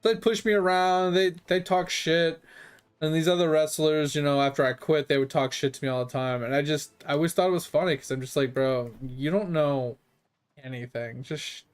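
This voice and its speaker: A man's voice: a little high, fairly quick, clean tone. Rambling, profane male streamer. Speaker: game streamer. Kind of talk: casual storytelling.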